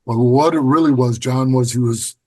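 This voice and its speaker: A man's voice: medium pitch, normal speed, warm tone. A middle-aged man, a podcast guest, telling blunt, profane stories and acting out the quotes in his anecdotes. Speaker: podcast guest, former biker club member. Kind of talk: casual storytelling interview.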